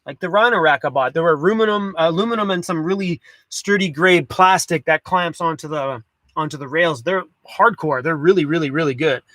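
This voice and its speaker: Laid-back chatty man, slightly high voice. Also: brisk, a bit bright, no room sound. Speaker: van life livestream host. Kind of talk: casual livestream chat. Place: inside a camper van.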